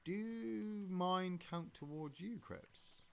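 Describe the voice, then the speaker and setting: A man's voice: high voice, very slow, vocal fry, fairly bright tone. A man hosting a gameplay stream, talking casually and rambling, with many fillers and restarts. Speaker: streamer and podcast host.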